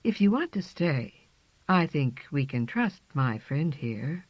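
A woman voicing a gentle, fond old mother tabby cat who speaks softly and hushed, on a dry, slightly dull storybook recording. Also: sits low, very animated, takes it slowly, no echo, exaggerated voice. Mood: reassuring. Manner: soft and hushed.

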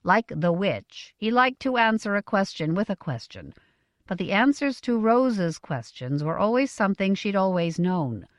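A woman narrating an audiobook in a measured, expressive way. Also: mid-range voice, dry recording, studio quality. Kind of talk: scripted narration.

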